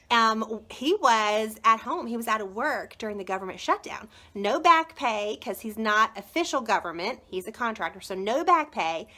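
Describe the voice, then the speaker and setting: A woman's voice: a little high, pushed and bright. A woman selling children's books in a casual live-stream chat, gushing and enthusiastic and rambling with fillers. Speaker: children's book consultant.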